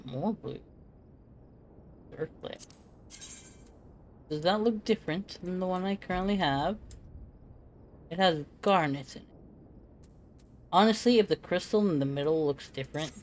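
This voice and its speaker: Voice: medium pitch, expressive, unhurried, pauses often, slight background noise. A streamer giving casual gameplay commentary, chatty and full of joking asides.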